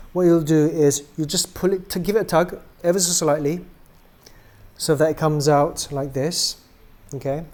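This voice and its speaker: Middle-aged man, slightly higher pitch, loose chatty demo delivery, filler-heavy, phrase endings fade soft. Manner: relaxed and chatty, many ums, trails off quietly at ends of phrases. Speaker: doll maker demonstrating a product. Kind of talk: casual product demonstration.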